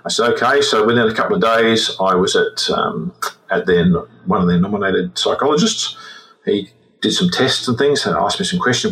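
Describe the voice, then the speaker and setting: A man's voice: fairly low pitch, a bit bright, poor audio. A man in his sixties with an Australian accent, a retired forensic examiner telling his story in an interview, often repeating words as he goes. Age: 60s. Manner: halting, repeats words as he recounts.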